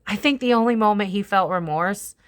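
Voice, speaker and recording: With a smooth, medium-pitched voice that runs a little fast, a young woman chats through a tarot reading for her channel. She swears freely and often slides into other people's voices.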